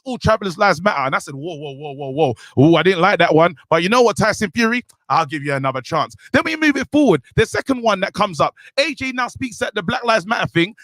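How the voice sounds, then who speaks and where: Brief: young man, high lively voice, furious podcast rant, dry close sound. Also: no room sound. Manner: ranting, worked up, calls out a boxer directly. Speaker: podcast co-host. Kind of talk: heated rant.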